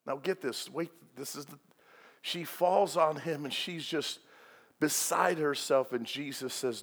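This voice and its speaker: A man preaching a sermon as pastor, swinging between loud and hushed delivery. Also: a little high, measured pace, husky. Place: church sanctuary. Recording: long reverb of a large hall.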